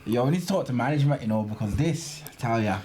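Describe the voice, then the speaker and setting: Male host, slangy and animated, very lively pitch. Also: quick pace, slight background noise. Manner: animated and slangy, ranting about football. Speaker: podcast host. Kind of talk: casual football chat.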